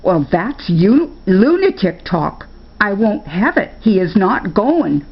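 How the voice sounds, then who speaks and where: A woman's voice: mid-range voice, big pitch swings, slow pace, husky, lo-fi sound, full character voice. An older woman voicing a stern, fretful old grandmother who scolds in rustic dialect. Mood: scolding.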